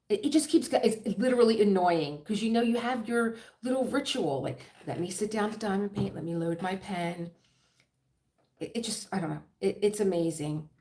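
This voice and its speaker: A woman's voice: mid-range voice, darkish tone. A middle-aged woman with a Philadelphia accent chatting casually on a crafting livestream, rambling and laughing often. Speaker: diamond painting livestream host.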